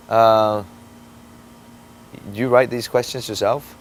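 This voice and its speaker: A man's voice: medium pitch, slow pace, pauses often. Sarcastic man with a British-tinged accent. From Sweden. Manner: sarcastic, deadpan. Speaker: MMA fighter. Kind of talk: comedy sketch interview.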